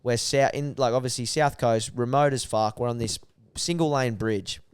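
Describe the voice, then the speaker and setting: A man hosting a podcast, telling animated stories in casual chat and swearing freely. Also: mid-range voice, normal speed, clean tone, no echo, clean studio sound. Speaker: podcast host. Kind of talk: casual storytelling.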